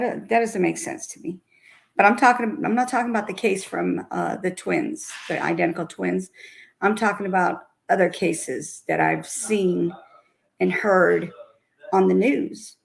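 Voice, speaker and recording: Middle-aged woman host, gravelly and unhurried, rambling casual talk. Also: medium pitch. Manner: rambling, many restarts and fillers. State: out of breath. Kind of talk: casual talk about news cases.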